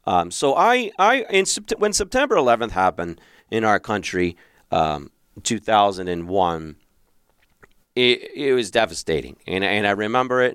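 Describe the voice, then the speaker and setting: In this personal storytelling monologue, a male host from Philadelphia who also works as a relationship coach speaks in a smooth, somewhat low voice. Animated, he restarts frequently and voices his old thoughts loudly. The recording is dry and close-miked.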